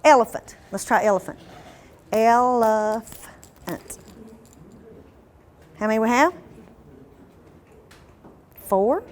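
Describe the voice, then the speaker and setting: A woman leads a teacher training workshop. She quizzes the room and stretches demo words out slowly. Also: high-pitched.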